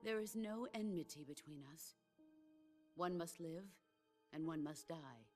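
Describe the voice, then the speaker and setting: A legendary woman soldier from a video game, voiced by an actress, speaking with calm, measured gravity. Her voice sits somewhat low and steady, never rushing. Faint game music hums beneath her words. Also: natural voice. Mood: solemn. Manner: calm, measured, solemn delivery. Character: legendary female soldier, middle-aged, stoic and grave. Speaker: game character. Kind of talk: video game cutscene dialogue.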